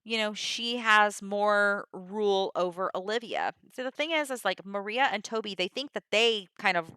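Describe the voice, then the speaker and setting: A woman walks through a play's story in a relaxed, conversational way, peppering her summary with "you know" and "like." Her voice is bright and clear, and the recording is close and dry with no room sound. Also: mid-range voice, moderate pace, dry recording. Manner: chatty, full of 'you know' and 'like'. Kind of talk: casual plot summary of a play.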